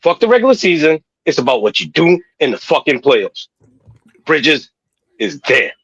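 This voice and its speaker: A man co-hosting a casual sports talk show, profane and animated, who keeps saying "know what I mean.". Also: on the high side, normal speed, creaky, husky, no room sound, highs cut off. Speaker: podcast co-host.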